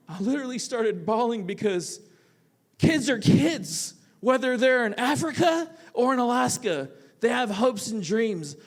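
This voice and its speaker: A man, a teacher, telling a personal story live on a theatre stage, animated and casual, swinging between loud bursts and quiet asides. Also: very high voice. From United States. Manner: casual, with frequent "like" fillers.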